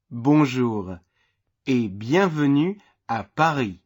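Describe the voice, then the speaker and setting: A woman speaking single French words and short phrases slowly and deliberately, as models for learners to repeat. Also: rumbling low, lively intonation, breathy edge. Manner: slow, deliberate pronunciation. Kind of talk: slow model phrases for repetition.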